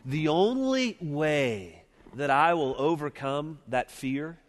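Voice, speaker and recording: A middle-aged man with a Southern US accent from Alabama, preaching an earnest, measured sermon that slows and drops quiet on its key points. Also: fairly high pitch. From Mobile, Alabama, US Deep South. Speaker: preacher at a seminary chapel. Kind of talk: sermon with opening prayer. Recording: long reverb of a large chapel.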